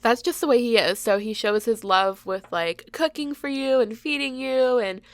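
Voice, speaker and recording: A woman's voice: on the high side, normal speed, dry recording. A woman in her thirties with a congested, stuffy nose, chatting casually and laughing at herself while telling a story over gameplay. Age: 30s. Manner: chatty and self-deprecating, laughs often. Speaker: gaming channel host.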